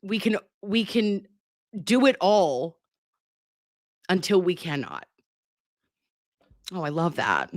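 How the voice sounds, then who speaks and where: A woman's voice: on the low side, sing-song, slow, long pauses, no room sound, studio quality. A woman in her forties, a nurse hosting a casual livestream, reading viewer comments in a chatty, giggly, sometimes flustered way and calling viewers babe. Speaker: nurse streamer hosting a live chat. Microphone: computer mic.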